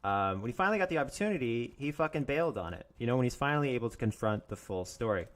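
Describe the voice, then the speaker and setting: A man's voice: medium pitch, big pitch swings, racing. A young man ranting on his own live stream, angry and profane, mocking others in put-on voices and laughing often.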